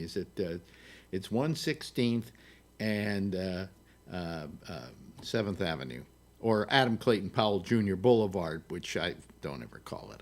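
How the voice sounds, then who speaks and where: Rambling low-voiced man hosting live chat. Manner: rambling, many fillers and restarts, jokey. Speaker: host. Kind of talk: casual live call-in chat. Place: home studio in New York. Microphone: desktop mic, video call.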